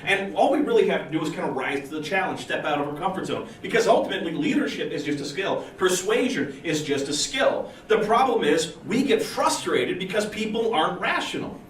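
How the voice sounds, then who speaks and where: At a user group event, a male conference speaker with a high-sitting voice talks fairly quickly with hardly any pauses in a meeting room. His technical talk mixes in storytelling, delivered in a lively, conversational way as he acts out quoted people, and the recording sounds roomy and distant with faint noise.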